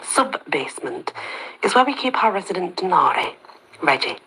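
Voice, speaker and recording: A woman voicing a calm, protective young man with a deep rasp, talking low, quiet and steady. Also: normal speed, slight background noise, rough recording.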